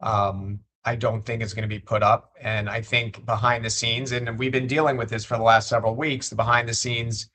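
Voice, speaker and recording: A man who is a state legislator, a guest on a political interview show, making his points in a measured way and often repeating words as he builds them. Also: medium pitch, level tone, sharp tone.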